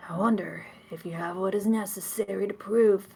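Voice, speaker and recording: A woman voicing a scheming old man crime boss in a breathy, hushed, menacing voice, reading game dialogue with friends. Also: mid-range voice, fairly even intonation, moderate pace, close to an everyday voice.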